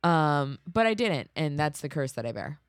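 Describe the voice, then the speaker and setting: Low-voiced deadpan woman co-host. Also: moderate pace, dry recording, clean studio sound. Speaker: podcast co-host. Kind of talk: casual chat.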